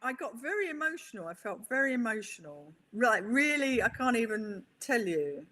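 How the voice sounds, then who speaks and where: A middle-aged woman, a guest on an interview podcast, telling stories in a chatty, animated way. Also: fairly high pitch, moderate pace. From England. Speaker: guest, pool player. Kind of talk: interview conversation.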